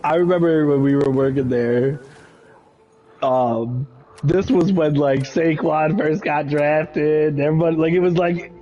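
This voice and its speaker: A man in casual sports chat, excitable and swearing, laughing easily. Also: fairly high pitch, a little slow, lo-fi sound.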